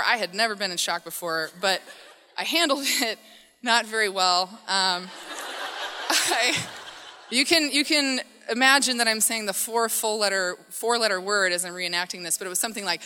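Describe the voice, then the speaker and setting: On stage before an audience, a woman tells a funny personal story, animated and self-mocking, acting out the voices in it. Her mid-range voice moves at a moderate pace, with a little hiss or hum and hall reverb.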